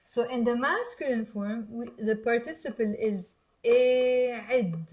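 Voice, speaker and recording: A young woman with a Lebanese accent teaching Arabic in a live online lesson, repeating words slowly and quizzing her listeners. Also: on the high side, a little mellow.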